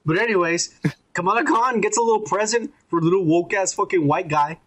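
A podcast co-host retells a show in a rambling, profane way. His voice sits high for a man and has a husky grain. He slips into mocking voices for the characters he quotes. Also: a little fast, a bit bright. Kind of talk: casual profane recap.

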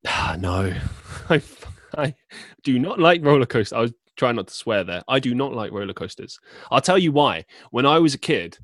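A man's voice: medium pitch, sing-song, normal speed, dry recording, clean studio sound. A man who is a podcast guest, haggling in a playful way and laughing often as he chats. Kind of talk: casual podcast chat.

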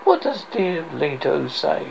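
A man voicing a fat, scheming older villain baron with a rumbling low voice, gloating and commanding. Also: big pitch swings, takes it slowly, vocal fry, a little hiss or hum, exaggerated voice, poor audio. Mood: impatient. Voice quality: rumbling basso.

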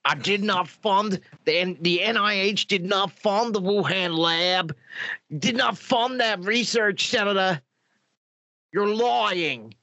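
A man's voice: high voice, takes it slowly, sharp tone, dry recording, dull audio, full character voice. A man putting on an impression of a defensive older male official who insists on denials to a senator. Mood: indignant.

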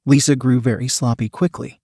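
A man's voice: medium pitch, fairly even intonation, brisk, warm tone, slightly rough, dry recording, clean studio sound. A man steadily reading an adult audiobook as narrator.

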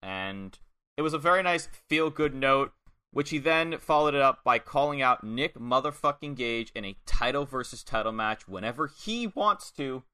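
A man talking on a podcast in a bright, tense voice at an ordinary male pitch. He speaks with blunt enthusiasm, swears casually and piles one detail onto the next. He sounds close to the microphone. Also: expressive, moderate pace, smooth. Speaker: podcast co-host. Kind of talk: casual chat. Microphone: studio microphone.

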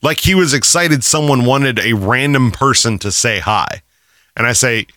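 A man's voice: medium pitch, lively intonation, moderate pace, sharp tone, no echo, studio quality. A man in his thirties co-hosting a casual podcast, rambling through stories with frequent laughter and plenty of swearing. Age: 30s. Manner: laughs often, rambling, profane storytelling. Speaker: podcast co-host. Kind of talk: casual banter.

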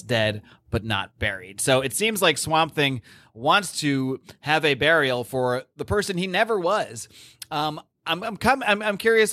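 Bright-voiced man recapping a comic. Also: mid-range voice. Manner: recaps plot animatedly, lots of fillers and restarts. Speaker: podcast host. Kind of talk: casual comic book discussion.

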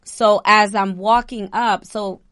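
A young woman, a bride, chatting casually and telling an animated story with lots of "like". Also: medium pitch, slow pace, no room sound, clean studio sound. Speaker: bride recounting her wedding. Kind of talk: casual chat.

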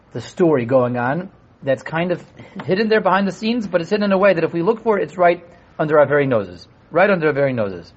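A man teaching a Torah class to a live group, animated, asking rhetorical questions and acting out voices. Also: a little high. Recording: dull lo-fi room recording.

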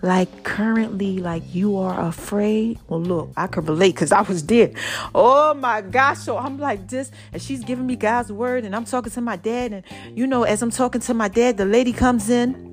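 Expressive woman podcaster telling her story. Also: mid-range voice, normal speed, faint music behind. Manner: expressive, conversational, addresses listeners directly as y'all and baby. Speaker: podcast host. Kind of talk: personal storytelling to listeners.

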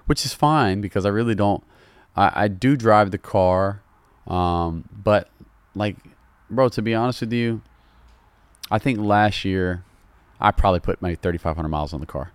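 Speaking in a deep, low register with a Southern drawl, this man is a laid-back podcast guest chatting loosely and calling people "bro" a lot. His tone is clear and resonant, and the sound is dry and close with no echo.

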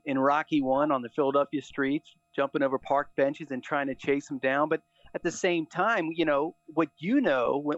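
A man's voice: on the high side, no echo. Man hosting a casual interview. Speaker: podcast host. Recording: slightly dull, dry audio.

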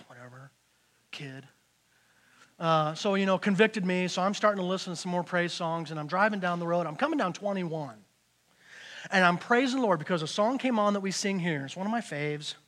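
A middle-aged pastor preaching with a high, bright voice. He tells his stories with energy, swinging between shouts and quiet, hushed asides. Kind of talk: sermon.

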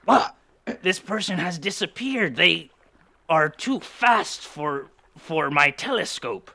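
A man's voice: on the high side, lively intonation, slow, vocal fry, bright, forceful tone, exaggerated voice. A man playing a proud, easily startled pirate captain in an improvised comedy, blustery and stammering. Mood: indignant. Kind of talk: improvised comedy role-play.

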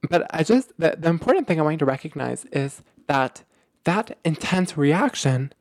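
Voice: medium pitch, normal speed, no echo. Chatty, emphatic podcast host, dry sound. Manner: animated, emphatic, lots of filler words and repetition. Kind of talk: casual explanatory talk.

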